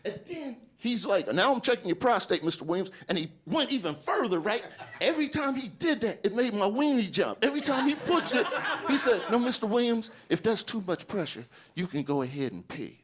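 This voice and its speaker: A man in his forties with a high voice tells a stand-up story. He acts out the other people's voices and keeps checking in with "right?". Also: sing-song, fairly quick. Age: 40s. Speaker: stand-up comedian.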